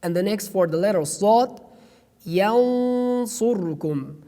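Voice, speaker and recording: A slow, unhurried teacher with a mellow, dark tone walks through pronunciation rules in careful. The speaker hesitates often and drags out each example twice. A long reverb trails after every phrase. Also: mid-range voice, animated. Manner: hesitant, many pauses and fillers, repeats each example slowly. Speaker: Quran recitation teacher.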